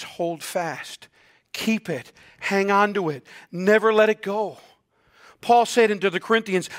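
Pastor guy preaching, pretty high voice, goes real quiet and soft a lot. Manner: earnest preaching that drops to hushed, quiet stretches. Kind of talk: sermon.

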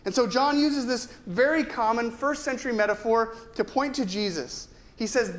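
A man's voice: very high voice, normal speed, few pauses. A man preaching a sermon in a conversational way, asking rhetorical questions and sometimes repeating his words. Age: adult with a ten-year-old son. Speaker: pastor.

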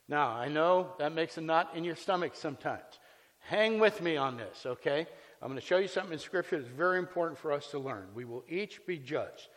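A male pastor delivering a sermon, slipping from solemn scripture reading into an easygoing personal anecdote. His voice sits a little higher than most men's. It rings out with a long reverb, as if filling a large church sanctuary. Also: expressive, brisk, a bit bright. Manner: conversational storytelling with scripture reading.

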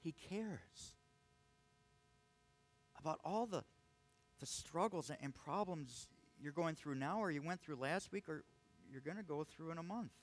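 A man's voice: fairly high pitch, lively intonation, normal speed. A man preaching a sermon, earnest and emphatic, often restarting his words as he presses a point. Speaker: pastor.

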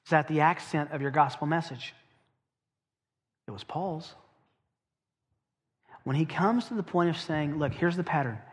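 A man preaching a sermon. He is emphatic, asks rhetorical questions, and slows down to stress key phrases. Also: on the high side, slightly rough, big-room sound.

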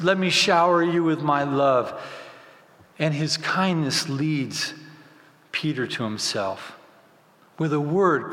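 A man preaching a sermon as pastor, swinging from loud emphasis to hushed, quiet lines. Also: sits high. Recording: echoey hall with long reverb.

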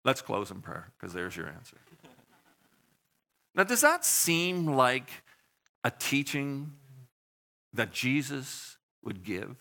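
A man's voice: medium pitch, big pitch swings, takes it slowly, creaky, long pauses, pushed and bright. A man preaching a sermon in a conversational way, asking the congregation questions and acting out short voices. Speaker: pastor.

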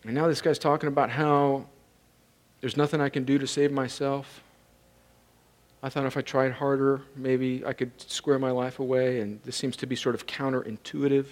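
A man preaching a sermon as pastor, intense, rising from conversational talk to impassioned, shouted pleading. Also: mid-range voice, level tone, moderate pace.

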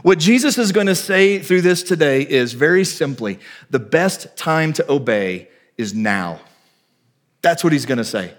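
A male pastor preaching with a slightly higher-than-usual voice for a man. He tells his story with animation, acting out the voices of the people in it. His delivery swings between loud and hushed. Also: animated, measured pace. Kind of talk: sermon with storytelling.

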